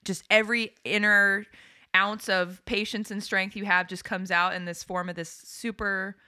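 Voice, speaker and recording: A woman co-hosting a podcast in casual chat, teasing her partner with quick questions and dry quips. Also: mid-range voice, level tone, pushed and bright, clean tone. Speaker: podcast co-host.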